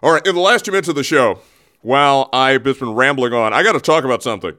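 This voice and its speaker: A man's voice: mid-range voice, quick pace, sharp tone. Rambling male sports radio host. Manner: loose, self-interrupting, digressive. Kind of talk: casual rambling sports talk. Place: radio studio.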